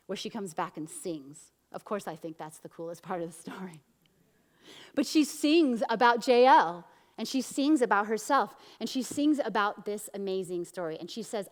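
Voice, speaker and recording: A woman pastor delivers a storytelling sermon in a mid-range voice. She leans into the quotes, rising loud and then dropping soft. Her voice carries a long reverb from the church hall. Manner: animated storytelling, acting out quotes with big swings of pitch and loudness.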